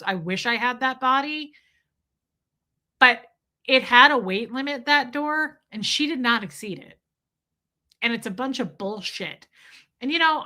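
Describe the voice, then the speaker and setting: Bright-voiced woman in her 30s rambling to her stream chat, swears a bit. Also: fairly high pitch. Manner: rambling, chatty, swears, mimics movie lines. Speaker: livestream host reading chat. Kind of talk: casual chat with live viewers.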